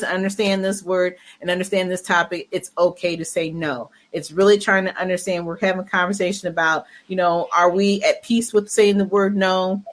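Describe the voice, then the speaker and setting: A woman co-hosting a casual podcast, upbeat and talkative, with many fillers and restarts. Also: medium pitch. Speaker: podcast co-host.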